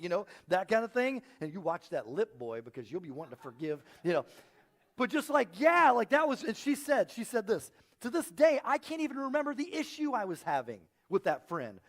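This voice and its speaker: A man's voice: sits high, brisk. A man preaching a sermon as pastor, telling stories and acting out the people he quotes. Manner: animated storytelling, acting out quoted voices. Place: church auditorium.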